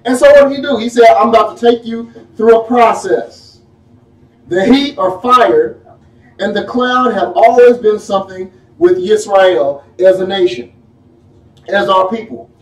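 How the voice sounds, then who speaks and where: A man preaching a sermon in a folksy, animated way, firing off rhetorical questions at his congregation. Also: high-pitched, measured pace. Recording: echoey room, mic at a distance.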